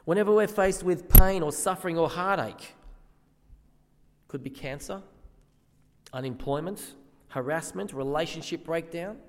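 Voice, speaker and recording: A man's voice: a little high, a little mellow, long reverb tail. A man preaching a sermon in earnest, often asking the listeners questions.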